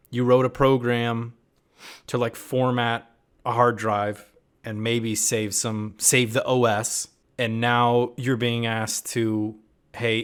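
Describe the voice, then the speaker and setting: A man giving a casual reaction review of a TV episode, critical and puzzled, often reading out lines of dialogue. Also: mid-range voice. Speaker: TV series reviewer.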